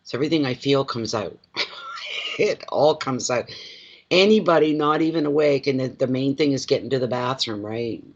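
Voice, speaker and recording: A man, a card reader chatting casually on a livestream from home, expressive and quick to laugh, greeting viewers by name. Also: mid-range voice, lo-fi sound. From Atlantic Canada.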